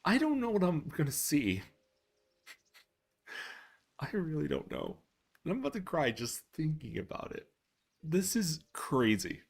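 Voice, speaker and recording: A young man chatting casually on a live stream while coding, telling stories with a self-amused, animated manner. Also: measured pace, creaky, pauses often. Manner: animated, self-amused storyteller with laughs and squeaky pitch jumps. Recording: faint music behind.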